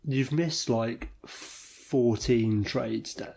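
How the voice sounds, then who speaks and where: British man, husky, casual podcast banter, sweary, animated storytelling. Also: mid-range voice, extremely slow. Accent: British English. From England. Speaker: podcast co-host.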